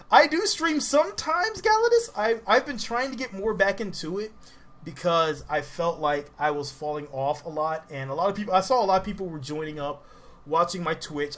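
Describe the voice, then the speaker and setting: A man's voice: on the high side, a bit bright. A man from the Southern US giving casual livestream commentary while he plays a game, laughing often and greeting viewers in chat.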